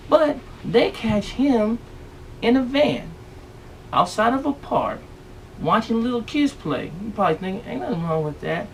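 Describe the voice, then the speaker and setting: High, gravelly man ranting comedically. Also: far from the mic, slight background noise. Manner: rambling, slangy, keeps asking "you know what I'm talking about". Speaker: vlog host. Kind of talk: comedic news rant.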